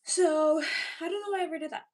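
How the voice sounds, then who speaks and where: High-voiced chatty woman streamer. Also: fairly even intonation, fast talker, darkish tone, far from the mic. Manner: chatty, reads viewer comments aloud, drops into whispered asides. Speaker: livestreamer chatting with viewers. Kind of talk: casual live-stream chat. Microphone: built-in device mic, not a dedicated microphone.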